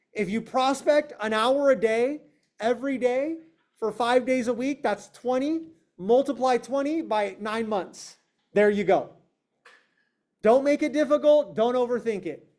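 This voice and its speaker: A man's voice: sits high, a little mellow. A man leading a real estate sales meeting over a video call, emphatic and confrontational, firing questions at his team and acting out clients in quoted voices. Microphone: online meeting, speaking to a video call.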